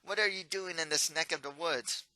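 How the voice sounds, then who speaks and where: Man putting on a dim, polite young prince, formal, earnest, raised pitch, bright tone. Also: normal speed, dry recording, rough recording.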